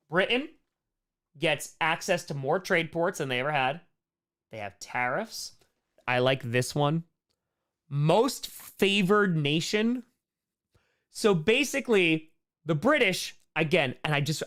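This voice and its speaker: This young man's voice sits on the higher side as he teaches history live to a streaming audience. Lively and jokey, he answers chat and throws in sarcasm and snappy mock conversations.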